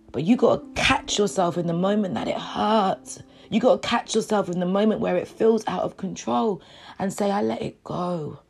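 A woman gives an inspirational talk in a low, gravelly voice. She repeats key phrases and sometimes drops to a whisper. A faint guitar plays behind her. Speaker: motivational speaker. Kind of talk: inspirational talk with poem reading. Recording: soft guitar music behind.

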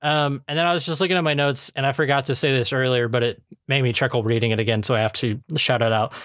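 A man's voice: mid-range voice, fairly even intonation, fast talker, a bit bright, no room sound, studio quality. A man hosting a podcast in casual chat, chatty with many fillers and frequent laughs. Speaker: podcast host reviewing episodes.

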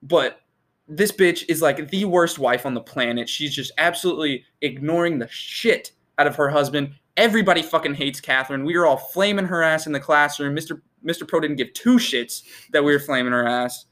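A teenage man in casual chat, profane and animated as he retells a film. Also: a little high, brisk.

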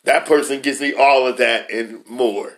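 A man's voice: medium pitch, fairly even intonation, measured pace, fairly bright tone. A man co-hosting a casual chat, talking emphatically and exclaiming often. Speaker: co-host.

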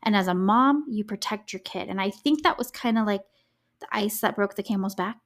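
A young woman talking through a true crime case on her solo podcast. She keeps it loose and conversational, breaking in with sarcastic reactions. Her voice sits at an ordinary middle pitch for a woman. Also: a little fast. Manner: chatty, reactive, sarcastic asides with laughs. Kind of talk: casual solo podcast chat.

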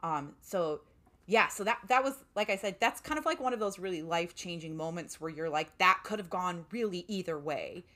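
Chatty woman with a bright voice. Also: fairly low pitch, animated, moderate pace. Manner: chatty, lots of "like" fillers. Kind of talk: casual storytelling.

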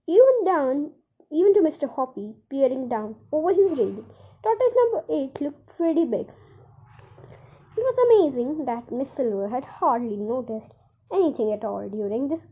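High, sing-song woman reading a story aloud. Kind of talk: children's story read aloud. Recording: dull lo-fi recording.

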